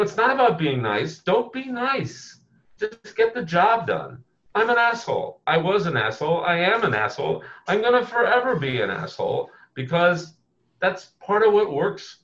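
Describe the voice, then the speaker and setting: Man playing a defiant tech founder, combative, swearing, a bit high-pitched, muffled lo-fi sound. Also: big pitch swings, a little slow, fairly bright tone, heavily acted. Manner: combative, emphatic, swears freely. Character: brash, blunt male tech visionary, proudly abrasive. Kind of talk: comedic impression interview. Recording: muffled lo-fi audio.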